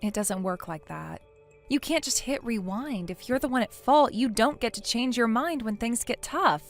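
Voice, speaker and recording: A woman's voice: fairly high pitch, lively intonation, normal speed, faint music behind. A synthetic woman's voice playing a blunt young woman who lectures her friend sternly in a text-message story. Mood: scolding. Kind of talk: text-to-speech text story narration.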